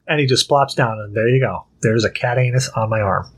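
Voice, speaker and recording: A man hosting a podcast in casual chat, telling stories in an animated, exaggerated way. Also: medium pitch, fairly quick, breathy edge. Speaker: podcast host.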